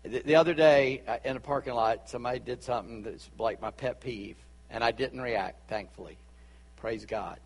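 A man with a Charleston Southern accent preaching a sermon as a pastor, chatty with asides and quick laughs. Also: mid-range voice, breathy edge, in a large hall. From Charleston, South Carolina.

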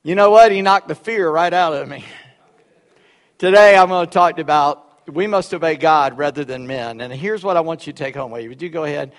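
A preacher with a notably high voice speaks in a folksy, halting way, doubling back on his words as he tells his story. His voice rings out with a long reverb from the church sanctuary around him. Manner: folksy, repeats words, drawls. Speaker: pastor. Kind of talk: sermon with personal story.

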